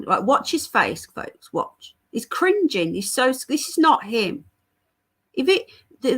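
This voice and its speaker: A woman's voice: mid-range voice, fairly bright tone. A woman from the United Kingdom hosting a live stream from home, talking casually to viewers and reading their comments aloud. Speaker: livestream host. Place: home with a child nearby.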